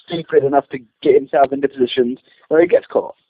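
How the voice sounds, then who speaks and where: A man's voice: medium pitch, steady tone, fast. A man in a casual argument, defensive and stammering with many restarts. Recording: tinny phone-like line, faint hiss.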